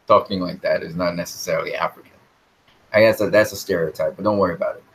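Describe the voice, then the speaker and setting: A man's voice: low voice, fairly even intonation, quick pace, husky, low-quality recording. A man talking casually with his live chat about movies. He speaks in a rambling, opinionated way and often repeats words as he thinks. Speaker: live stream host answering chat.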